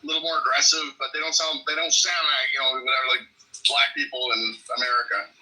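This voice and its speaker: A man co-hosting a podcast in casual chat, telling stories in an animated, provocative way. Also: medium pitch, quick pace, poor audio. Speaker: podcast co-host.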